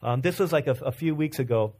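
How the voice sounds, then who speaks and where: A man in his thirties preaching a sermon, earnest and repeating himself, dropping to a soft low voice for stories. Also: quick pace, slightly rough. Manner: earnest, repeats words and restarts, drops to a soft low voice when telling stories. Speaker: pastor.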